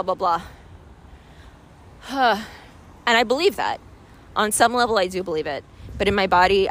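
A woman's voice: medium pitch, a bit bright, a little hiss or hum. A woman talking candidly and emotionally in a personal vlog, rambling with many fillers, recorded outdoors in a city. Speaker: vlogger.

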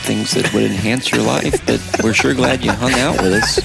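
A man's voice: medium pitch, steady tone, normal speed, creaky, over loud music. A man hosting a comedy podcast, joking and rambling in a loose, casual way. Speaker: podcast host. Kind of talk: casual chat.

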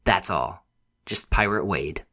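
A man's voice: deep voice, lively intonation, slow pace, bright, forceful tone. A man co-hosting a film podcast, speaking in a thoughtful, hesitant way, with sighs. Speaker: podcast co-host. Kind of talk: casual podcast conversation.

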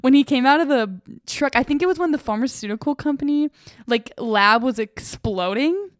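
A young woman hosting a casual solo podcast, excitable and self-mocking, laughing often as she reacts. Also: high-pitched, normal speed, dry recording, clean studio sound. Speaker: podcast host.

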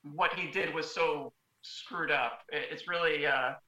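Bright, hesitant man in a roomy space. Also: on the high side, fairly even intonation. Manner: halting, many restarts. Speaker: panelist. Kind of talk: casual chat.

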